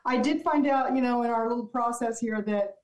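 A woman's voice: a little high, fairly quick, roomy sound, rough recording. A woman guest telling a long story in a casual radio chat, rambling with restarts. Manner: chatty storyteller, restarts and fillers.

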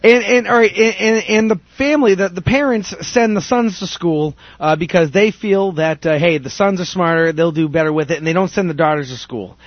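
A man's voice: high voice, fairly quick, hardly any pauses, no echo, dull audio. A man hosting a casual podcast chat, telling a story animatedly with many restarts. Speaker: podcast host. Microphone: studio microphone.

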